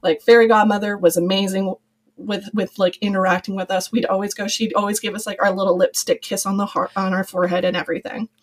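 A woman in her thirties, a podcast guest, telling a personal story in casual chat with an animated, storytelling manner. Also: mid-range voice, fast talker, poor audio. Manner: animated storyteller, quoting others in lively voices.

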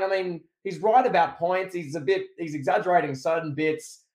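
Australian podcast co-host, lively, bit higher voice, roomy echo. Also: male voice, a little fast, hardly any pauses. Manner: animated, acts out quoted promos. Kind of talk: casual wrestling recap chat.

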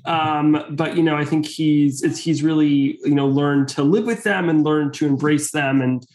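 A man's voice: a little high, fairly even intonation, normal speed, darkish tone, echoey room. A man of twenty, a guest on an interview show, polite and upbeat, with many ums. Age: 20s. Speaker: guest chef. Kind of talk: casual interview chat.

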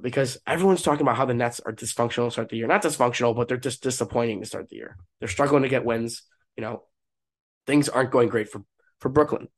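A young man, stuffed up with a cold and a cough, talking alone on his sports podcast in a casual, rambling way that gets hyped at times. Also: medium pitch. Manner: casual, restarts often, rises to hype. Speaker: podcast host. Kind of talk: solo sports podcast talk.

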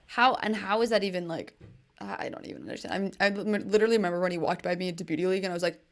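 A woman's voice: medium pitch, rapid-fire. A woman co-hosting a casual hockey podcast, telling a story with laughter and mocking herself. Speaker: podcast co-host. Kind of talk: casual chat.

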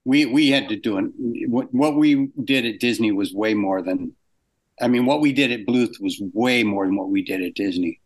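An older man telling anecdotes in a casual interview, acting out quoted exchanges with animated shifts in pitch. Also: normal speed. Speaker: guest animator.

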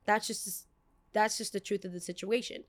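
A young woman from New hosts a podcast. She tells a story in a casual, animated way and acts out the people she quotes. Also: mid-range voice, moderate pace. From United States, New York. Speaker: podcast host. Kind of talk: storytime chat.

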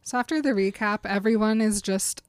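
A woman in casual podcast chat, retelling a novel's scenes with playful little voices for each character. Her pitch sits in an ordinary middle range, and the recording is close and dry. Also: normal speed, clean tone, no room sound. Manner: animated retelling with acted quotes and laughs. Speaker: podcast co-host. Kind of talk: casual book recap chat.

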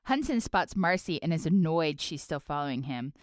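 A woman's voice: low-pitched, very animated, moderate pace, dry recording, studio quality. A woman co-hosting a podcast, casually recapping a cartoon episode and playfully acting out character lines. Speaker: podcast co-host.

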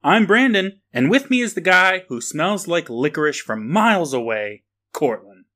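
A man's voice: fairly high pitch, sing-song, normal speed, pushed and bright. A man hosting a casual podcast, opening the show and teasing his co-host with dry humor. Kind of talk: casual chat.

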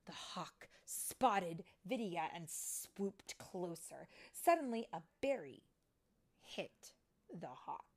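A mother reading a picture book aloud to her child, slow and expressive, often sinking to a whisper. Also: on the low side, slightly rough.

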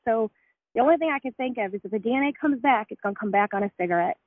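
A woman's voice: fairly high pitch, lively intonation, racing, no echo. Earnest woman on a tinny phone line. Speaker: caller with information. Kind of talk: recounting a family story on the phone.

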